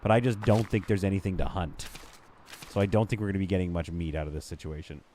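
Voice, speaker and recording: A man's voice: low voice, fast talker, warm tone, slight background noise. A man streaming a strategy game, rambling and thinking aloud as he chats with his viewers. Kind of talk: casual gameplay commentary.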